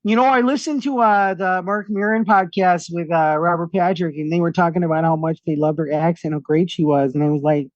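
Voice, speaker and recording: A man's voice: a little high, fairly even intonation, a little fast, hardly any pauses, no echo, dull audio. A man co-hosting a film review podcast, chatting in a dismissive, sarcastic and jokey way. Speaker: podcast co-host, film critic. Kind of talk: casual chat.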